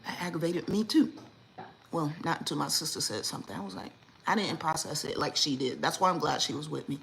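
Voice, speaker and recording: A woman, hosting a casual livestream chat and telling stories in a lively, indignant way, acting out what people said. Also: low voice, a little fast, vocal fry, a little hiss or hum, rough recording. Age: 40s. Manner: animated storytelling, acts out quotes, lively and indignant. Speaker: livestream host.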